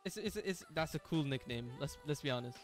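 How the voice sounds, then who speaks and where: A man's voice: on the high side, expressive, a little fast, soft background music. A young man streaming a game live, chatting casually with viewers, full of slang, frequent laughs and restarts. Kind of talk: casual live-stream chat while gaming.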